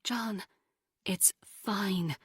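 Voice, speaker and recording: A woman voicing another woman who speaks gently and soothingly as she comforts her husband. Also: medium pitch, very slow, breathy edge, no echo, studio quality, full character voice. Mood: tender.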